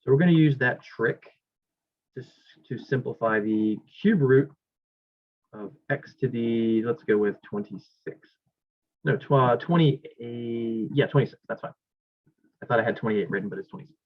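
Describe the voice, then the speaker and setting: Working problems on the board, a man teaching math talks as he writes, reasons out loud and fixes his own mistakes. He speaks at a normal pace in a mid-range voice, and the classroom audio is dull and lo-fi.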